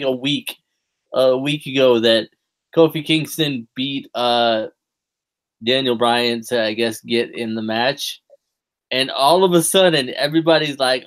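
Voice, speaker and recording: A man's voice: mid-range voice, normal speed. A man co-hosting a wrestling podcast, chatting casually and rambling with lots of fillers and restarts. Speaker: podcast co-host. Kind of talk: casual chat.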